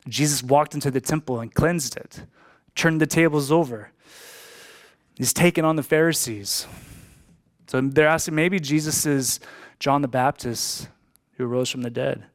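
A man's voice: medium pitch, unhurried, pauses often. A man preaching a sermon as a pastor, emphatic, repeating key lines for emphasis.

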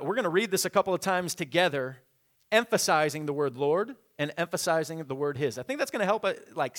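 A man's voice: fairly high pitch, a bit bright. Conversational young male pastor preaching. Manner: conversational, many fillers, leads congregation in repeating a verse. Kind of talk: sermon.

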